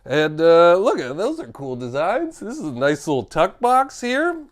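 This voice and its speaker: A man reviewing board games in a playful unboxing video. His voice sits high for a man and leaps around constantly, with gasps and exclamations as he riffs on what he finds. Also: a little slow, few pauses. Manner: animated, jokey, gasps and exclaims. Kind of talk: comedic unboxing vlog.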